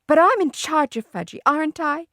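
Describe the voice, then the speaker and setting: A woman voicing a pushy, bossy schoolgirl in a high, sing-song, wheedling voice for a storybook reading. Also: lively intonation, moderate pace, a bit bright, dry recording, studio quality. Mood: eager pleading.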